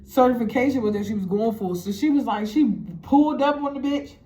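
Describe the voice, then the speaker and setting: A woman telling a story casually, animated and profane, acting out the quotes. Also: on the high side, a little fast.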